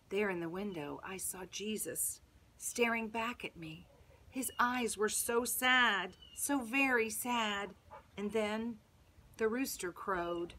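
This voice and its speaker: In first person, a Sunday school teacher dramatizes a children's Bible story, her medium-pitched female voice dropping to a hush and then rising loud.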